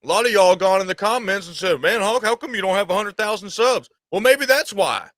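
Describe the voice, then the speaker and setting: A man's voice: high voice, expressive, a little fast, a bit bright, dry recording. A man from Georgia with a Southern US accent, a gaming streamer ranting angrily with plenty of swearing. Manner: angry, profane. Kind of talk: ranting monologue.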